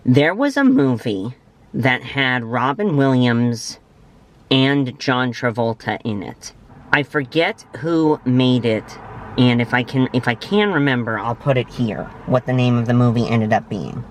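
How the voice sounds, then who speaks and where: A man's voice: mid-range voice, lively intonation, a little slow, a little hiss or hum. Enthusiastic male vlogger telling stories. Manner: enthusiastic, effusive, heavy on praise words. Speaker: vlog host. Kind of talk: casual storytelling to camera.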